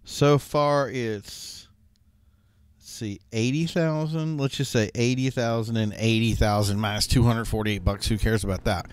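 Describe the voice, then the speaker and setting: A man's voice: mid-range voice, fairly even intonation, measured pace, smooth, dry recording. A man giving casual, rambling commentary while playing a video game, thinking aloud with many fillers and restarts. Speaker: gaming YouTuber.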